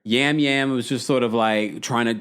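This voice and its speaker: A man hosting a live talk show, chatting in a casual, animated way and reading out comments from viewers. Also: mid-range voice, normal speed, clear, resonant tone. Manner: animated, acts out quoted lines in shifting voices. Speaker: podcast host recapping reality TV.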